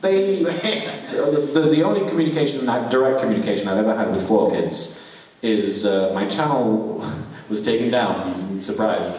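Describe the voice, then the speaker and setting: A man's voice: fairly low pitch, expressive, moderate pace, a little mellow. A man, a voice actor on a convention panel, telling chatty, laughing, self-deprecating anecdotes. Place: large convention hall with audience. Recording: echoey hall, far off, noisy.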